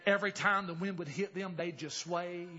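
A man preaching a revival sermon, telling a story and rising to shouted exclamations. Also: sits high, fairly even intonation, quick pace, muffled recording, background noise.

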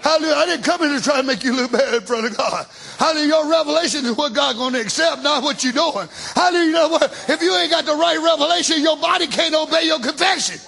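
Male preacher, shouting sermon with hallelujahs, very high, bright voice. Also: fast, vocal fry, hardly any pauses. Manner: shouting, call-and-response hallelujahs; colloquial, folksy speech.

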